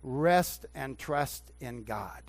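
A man preaching a sermon as pastor in a church, swinging between hushed talk and loud emphatic preaching. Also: medium pitch, expressive, extremely slow, no room sound. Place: church sanctuary.

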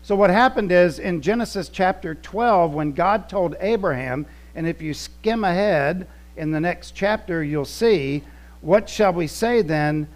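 A man's voice: high voice, unhurried, few pauses. A male pastor delivering a conversational teaching sermon, repeating words for emphasis.

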